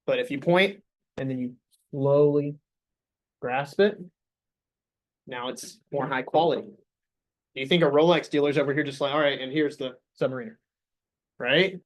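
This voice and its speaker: A man's voice: medium pitch, measured pace, pauses often. A young man leading a sales staff meeting, coaching the group with upbeat questions.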